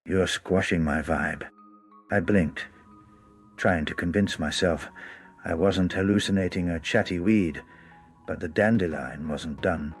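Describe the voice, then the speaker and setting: Deep-voiced man narrating a wry story. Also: unhurried, soft background music.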